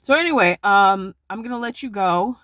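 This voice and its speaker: A woman's voice: medium pitch, expressive, moderate pace, a bit bright, no room sound, clean studio sound. A woman talking casually to camera in a vlog, rambling and self-critical, swearing freely. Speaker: vlogger.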